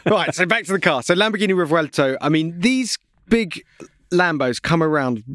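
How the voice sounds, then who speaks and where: A man's voice: a little high, expressive, moderate pace, a bit bright, no echo, clean studio sound. A man hosting a podcast, chatting casually, laughing often, with many ums and restarts. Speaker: podcast host. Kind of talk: casual chat.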